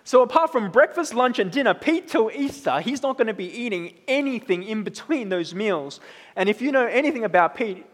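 A man in his thirties preaching a sermon in a relaxed, conversational way, often checking in with "right?". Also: high-pitched, fairly quick, big-room sound. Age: 30s. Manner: conversational, tag questions like "right?".

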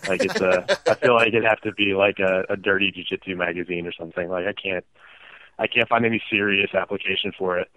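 A man guesting on a podcast in casual chat, self-mocking and a little halting. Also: sits low, fairly even intonation, pushed and bright. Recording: tinny phone-like call line.

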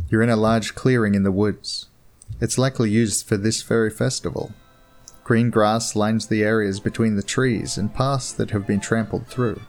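A man calmly narrating a second-person story. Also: lowish voice.

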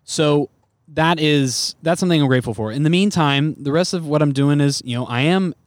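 A man's voice: a little high, a little fast, no room sound, clean studio sound. A man who is a comedian guest on a podcast, talking casually with lots of fillers and restarts. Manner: rambling, many fillers.

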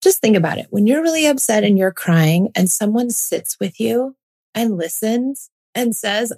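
A woman's voice: on the high side, lively intonation, normal speed, a little mellow. A woman in her forties hosting a parenting podcast, talking earnestly and reassuringly, often repeating her points for emphasis. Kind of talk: podcast monologue.

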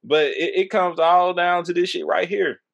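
A man from Texas in his thirties, hosting a podcast, talking politics in a loose, profane way and going high when he gets worked up, a little tipsy from drinking. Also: fairly even intonation, normal speed, creaky, dull audio. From Texas, USA. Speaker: podcast host. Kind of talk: casual political chat.

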